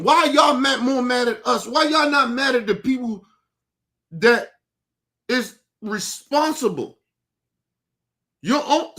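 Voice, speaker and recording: A man delivering a heated, profane rant as a podcast host, shouting and repeating himself. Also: sits high.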